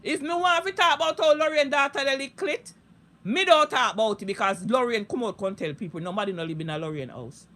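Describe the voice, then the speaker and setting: Jamaican woman with a high, piercing voice, ranting live in thick Patois, heated and foul-mouthed. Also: a little fast, a bit bright. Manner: heated, profane, repetitive ranting. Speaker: social media live streamer. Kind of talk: unscripted live-stream rant.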